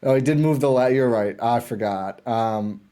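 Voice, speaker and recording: A man guesting on a sports podcast, talking like an excited fan and often restarting his sentences. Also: medium pitch, moderate pace. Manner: enthusiastic fan, rambling with restarts. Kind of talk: casual sports chat.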